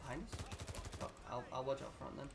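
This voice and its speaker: A man's voice: medium pitch, fast talker, creaky, very noisy. A young man on voice chat during a shooter game, flustered and swearing often. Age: young adult. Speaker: player. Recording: voice chat under game gunfire. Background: loud gunfire from the game.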